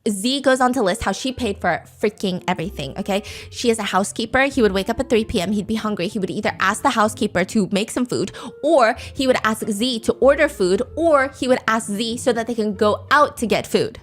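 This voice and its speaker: Animated woman telling a story. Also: fairly high pitch, fairly quick, few pauses. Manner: animated, laughs often, swears freely. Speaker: host. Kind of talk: casual storytelling commentary.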